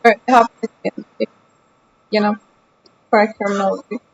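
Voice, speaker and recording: A woman's voice: medium pitch, little pitch movement, normal speed, gravelly, muffled recording, a little hiss or hum. A young woman streaming a game from her sofa at home, chatting casually and answering her chat aloud in a playful, defensive way. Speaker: gaming streamer.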